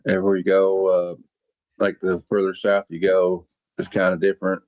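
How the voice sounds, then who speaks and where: A man with a Southern US accent chatting on a panel, slow and easygoing. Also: low-pitched, completely flat delivery, a little mellow, no echo. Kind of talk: casual chat. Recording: dull lo-fi mic.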